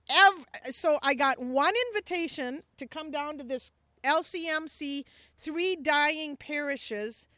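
High-voiced woman giving a lively testimony. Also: no room sound. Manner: animated storytelling, acting out dialogue. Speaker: missions ministry leader. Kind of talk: personal testimony.

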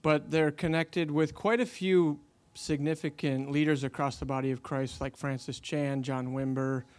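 Smooth-voiced man telling a story. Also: fairly high pitch, normal speed. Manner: animated storyteller acting out quotes, many fillers. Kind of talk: casual storytelling in conversation.

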